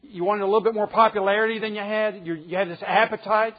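A man's voice: high voice, fairly even intonation, fast, muffled recording. A man preaching a sermon, emphatic and pressing his listeners with rhetorical questions.

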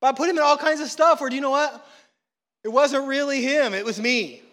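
Bright, high-voiced preacher in a reverberant hall. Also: male voice, fairly quick. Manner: animated storytelling, acts out quotes. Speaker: pastor. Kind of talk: sermon.

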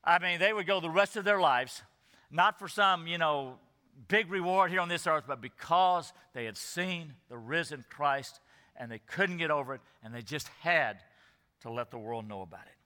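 Speaking at a moderate pace in a fairly high, pushed and bright voice, a male pastor gives an earnest, emphatic expository sermon. He often asks the congregation rhetorical questions, and the room echoes like a hall.

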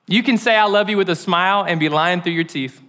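A man preaching a sermon, animated and joking, acting out the quoted voices. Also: high voice, brisk, clean tone.

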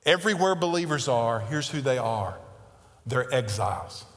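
A man preaching a sermon, swinging between forceful emphasis and hushed, intimate lines. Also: mid-range voice, expressive, normal speed. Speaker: pastor. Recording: reverberant hall.

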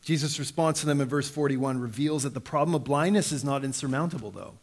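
A man in his thirties preaching a sermon in a conversational way, acting out the voices he quotes. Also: fast. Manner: conversational, acts out quoted voices with sudden pitch jumps. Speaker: pastor.

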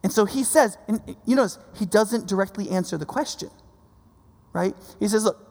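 A man preaching a sermon in a loose, conversational way, often pausing to check in with his listeners. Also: high voice, vocal fry, a little mellow. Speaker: pastor. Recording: long hall reverb.

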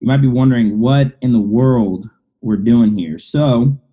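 A man hosting a casual podcast who talks in a relaxed, conversational way. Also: medium pitch, a little slow, breathy edge. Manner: relaxed, conversational host talk. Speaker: podcast host. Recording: dull lo-fi audio.

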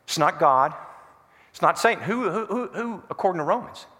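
A pastor preaching with a high, bright, ringing voice that swoops up and down. He keeps firing questions at the congregation and waiting for their answers. His voice carries through a reverberant church hall. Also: normal speed. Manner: animated, quizzes the congregation with call-and-response questions. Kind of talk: sermon.

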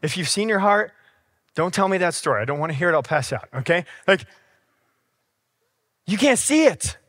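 A man's voice: a little high, a bit bright, no room sound, clean studio sound. A man preaching a casual, conversational sermon in a church, with everyday stories and acted-out dialogue. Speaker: pastor. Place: church sanctuary.

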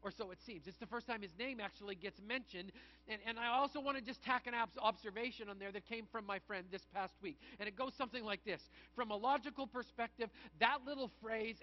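Man, pastor, high voice, lively conversational sermon, muffled lo-fi recording. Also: a little fast. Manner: animated, conversational preaching with acted asides.

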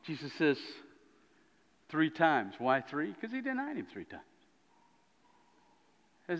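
A man preaching a sermon as a pastor, telling a story with lively swings between loud and hushed moments. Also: fairly high pitch, slow, vocal fry, pauses often. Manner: animated storytelling, dropping to hushed tones. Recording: dull lo-fi sound in a reverberant hall.

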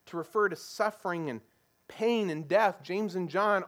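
Pastor, male, high-pitched, conversational sermon delivery with rhetorical questions. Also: unhurried, pauses often.

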